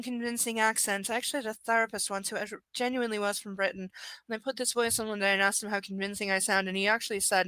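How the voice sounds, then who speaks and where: A woman's voice: a little high, fairly bright tone, dry recording, low-quality recording. A woman streaming, reading a novel aloud and chatting bluntly, swearing freely and ranting animatedly. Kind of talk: casual live-stream reading and chat.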